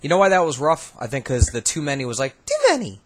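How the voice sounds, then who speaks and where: A man hosting as a paranormal investigator, casually talking through recordings in a relaxed, halting way, thinking aloud with fillers. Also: medium pitch, noisy background. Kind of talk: casual commentary reviewing recordings.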